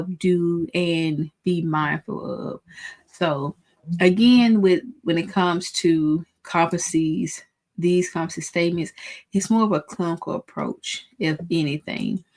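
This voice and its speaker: Fast, excitable Southern woman coach. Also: deep voice. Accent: Southern US country accent. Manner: fast, excitable, chatty, many fillers. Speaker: pharmacy exam coach. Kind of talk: casual teaching talk to camera.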